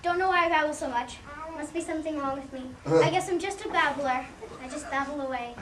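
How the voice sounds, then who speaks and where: Woman doing a jumpy groveling office helper, high voice, rambles on, stage play from far back in an echoey room with noise. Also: fast, fairly bright tone. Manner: timid, apologetic, rambling. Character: groveling female office assistants, nervous and babbling. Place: theatre stage, heard from the audience.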